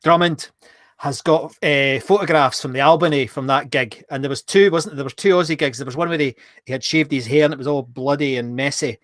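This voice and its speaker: A man's voice: a little high, fairly quick, a bit bright, no room sound. Chatty man on a dry mic. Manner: chatty and jokey, laughs often. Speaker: co-host of a live online show. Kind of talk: casual live-stream chat reading viewer comments.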